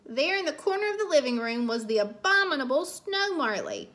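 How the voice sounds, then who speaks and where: A woman narrating a picture book aloud in a slow, expressive storytelling manner. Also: high-pitched.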